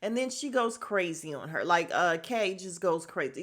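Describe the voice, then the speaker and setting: A woman's voice: lowish voice, moderate pace, hardly any pauses, a bit bright. A young woman hosting a casual podcast, animatedly recapping a reality show, laughing, swearing and mimicking the cast. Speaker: podcast host.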